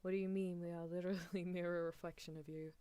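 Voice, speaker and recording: A woman chatting on an ASMR stream in a soft, rambling way, laughing lightly at herself. Her voice sits low and sounds dark and mellow. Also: level tone, fast, clean tone, no echo. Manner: rambling, giggly, self-deprecating.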